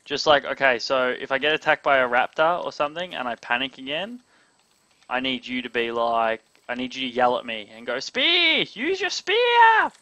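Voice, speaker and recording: A young man giving live gameplay commentary, excitable, talking to his chat and yelping when startled. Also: mid-range voice, brisk, dry recording. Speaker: gamer streaming live.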